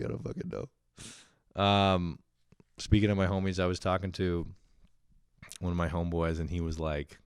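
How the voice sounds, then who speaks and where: Very deep-voiced man ranting profanely. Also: clean tone, dry recording, studio quality. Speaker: podcast host. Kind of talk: casual comedic rant.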